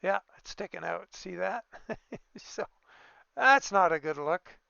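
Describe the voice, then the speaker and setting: A man with a heavily gravelly voice talks through a truck-building game in an easygoing, off-the-cuff way, thinking aloud as he goes. The sound is dry and a little dull, recorded close on a desk microphone. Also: high voice, expressive, takes it slowly, bright, forceful tone, no room sound. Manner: easygoing, thinking aloud with fillers and small exclamations. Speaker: gaming video creator. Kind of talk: casual gameplay commentary.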